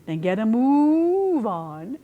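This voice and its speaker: A woman voicing a clever, bold cat who gives orders briskly in a storybook reading. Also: high voice, lively intonation, narrow, tinny audio, voice pushed up. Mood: brave. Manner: commanding, brisk.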